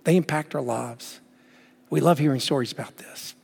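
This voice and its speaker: A man's voice: medium pitch, moderate pace, gravelly, slightly rough. Man preaching in a reverberant church. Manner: emphatic preaching, swings from loud to hushed. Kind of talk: sermon. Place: church sanctuary. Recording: long reverb of a church hall.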